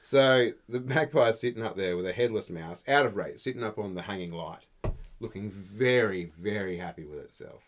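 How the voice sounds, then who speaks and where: A man's voice: on the low side, moderate pace. A middle-aged man, co-hosting a podcast, telling stories in a laid-back, chatty way and swearing freely. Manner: laid-back storytelling, swearing, frequent laughs. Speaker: podcast co-host. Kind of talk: casual chat.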